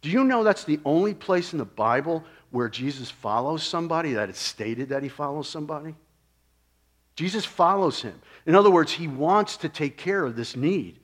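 A man preaching a sermon in a conversational way, asking his listeners rhetorical questions and swinging from loud exclamations down to hushed, near-whispered lines. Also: a little high, expressive, normal speed.

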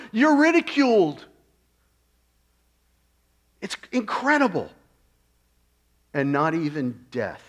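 Preaching in a conversational style, a man with a higher-pitched voice asks rhetorical questions and shifts from loud outbursts to quiet, nearly whispered lines.

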